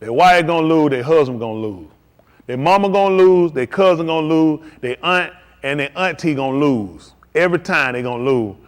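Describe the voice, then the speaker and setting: Slightly high and slightly fast, a man preaches a live-streamed sermon as pastor to his congregation. He hammers out short, punchy declarations in an emphatic, repetitive way.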